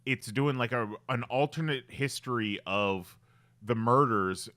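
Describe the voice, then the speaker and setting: A man's voice: mid-range voice, unhurried, bright, forceful tone, no echo. A man co-hosting a podcast, chatting casually and searching for words as he talks. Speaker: podcast co-host.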